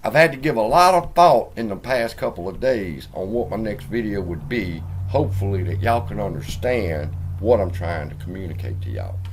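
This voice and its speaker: A man's voice: on the low side, a little hiss or hum. A man hosting a finance video, telling stories animatedly, acting out the quotes and swearing. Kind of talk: casual commentary.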